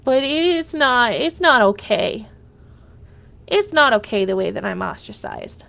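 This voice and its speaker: A woman's voice: on the high side, lively intonation, measured pace, gravelly, fairly bright tone. A woman livestreaming, venting in a rambling casual monologue, full of "like" and restarts.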